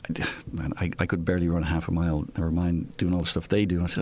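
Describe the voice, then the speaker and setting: This Irish man in his fifties has a low, somewhat dark voice with a flat delivery and a fast pace. As a guest in a casual interview, he spins chatty stories with an Irish accent.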